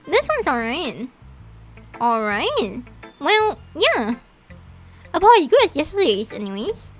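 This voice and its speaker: A woman's voice: high voice, huge pitch swings, slow pace, soft background music, full character voice. A woman voicing a prickly, defensive teenage girl in a visual novel, in a huffy, dismissive manner.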